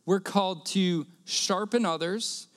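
Male preacher, high and smooth voice, earnest sermon storytelling with repeated key lines. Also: slow pace, fairly bright tone.

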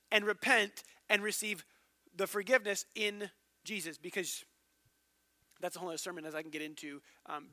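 Bright-voiced animated male pastor. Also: high-pitched, dry recording. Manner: animated storytelling, acts out quoted voices. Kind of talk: sermon.

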